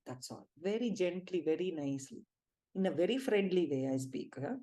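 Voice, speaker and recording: An Indian woman leading a spiritual healing group gives a teaching talk, telling stories in a lively, emphatic way with quoted dialogue. Her mellow voice is fairly low and brisk, with an Indian English accent.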